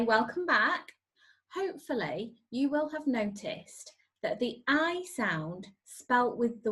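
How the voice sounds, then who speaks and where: A woman teacher takes a spelling lesson for young children at an unhurried, measured pace. Her speech is clear and encouraging, and she stretches out her words so small learners can follow. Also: medium pitch, fairly bright tone. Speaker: primary school teacher.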